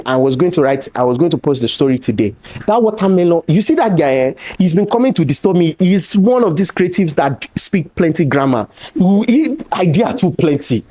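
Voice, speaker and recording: Animated man telling stage stories. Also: fairly high pitch. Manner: animated, acts out quoted voices with pidgin asides. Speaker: conference speaker. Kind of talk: storytelling talk on stage. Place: event stage before an audience.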